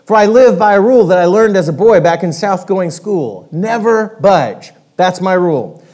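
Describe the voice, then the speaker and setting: A stubborn south-going Zax creature, as a man puts him on, snappish and defiant. It fires off its rhyming lines in a high, loud voice. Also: lively intonation, normal speed.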